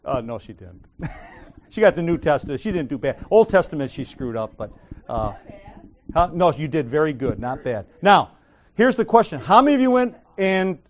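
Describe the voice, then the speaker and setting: A man with a fairly high voice teaches a church Bible class. He talks in a loose, joking, encouraging manner as he explains memorization. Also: sing-song, moderate pace.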